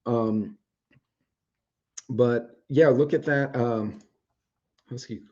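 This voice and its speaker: A man's voice: medium pitch, extremely slow, mellow, lo-fi sound. A man, hosting a casual chat show from home, rambling and swearing offhandedly, his voice starting to go. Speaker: host. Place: home, indoors with dogs.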